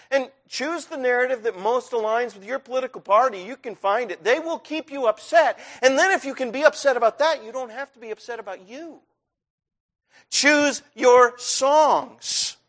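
High-voiced male preacher, conversational. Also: a bit bright. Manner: conversational, rising to intense. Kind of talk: sermon.

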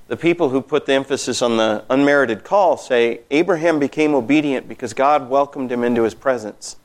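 Man, bible study teacher, animated and emphatic, lots of "you know", mid-pitched voice. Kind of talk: Bible class discussion.

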